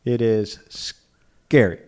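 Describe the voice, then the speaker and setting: A man's voice: on the low side, very slow, dark tone, clear, resonant tone. A man co-hosting a car podcast in casual chat, rambling with lots of fillers. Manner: rambling, lots of "like", puts on silly accents. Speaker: podcast co-host.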